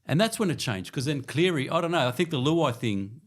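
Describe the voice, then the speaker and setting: An Australian man co-hosting a podcast, chatting casually about a football game and quickly agreeing. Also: fairly high pitch. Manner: quick agreeing, lively footy talk. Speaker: podcast co-host. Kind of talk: casual chat.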